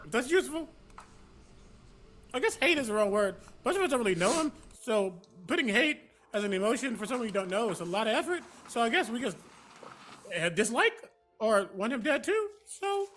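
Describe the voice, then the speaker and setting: A man's voice: very high-pitched, very animated, moderate pace, fairly bright tone, slight background noise. A man playing a tabletop game, talking bluntly and jokingly, often restarting his sentences. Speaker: player. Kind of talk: casual tabletop role-play.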